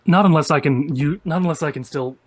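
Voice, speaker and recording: A man's voice: on the high side, fairly quick, over a noisy crowd. A man playing a tabletop game, reading out his rules and making dry jokes. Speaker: player. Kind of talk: casual tabletop play.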